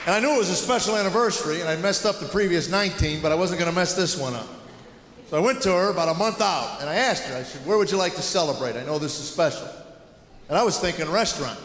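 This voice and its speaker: A middle-aged man from Tennessee doing a stand-up routine, telling family stories in a deadpan way with quick acted-out quotes. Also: high-pitched, some chatter behind. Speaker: stand-up comedian. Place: comedy stage before a live audience. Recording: echoey hall with audience noise.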